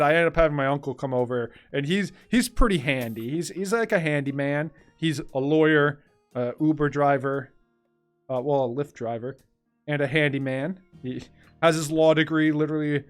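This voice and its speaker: A young man, a gaming YouTuber, tells a casual story over gameplay in an animated way, laughing and swinging between fast and drawn-out delivery. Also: on the high side.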